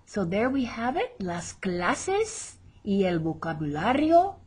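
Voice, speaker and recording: A woman's voice: medium pitch, big pitch swings, takes it slowly, darkish tone, breathy edge. A woman teaching a recorded language lesson, patiently repeating each word for her learners, with a light touch of self-teasing humor. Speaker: Spanish teacher.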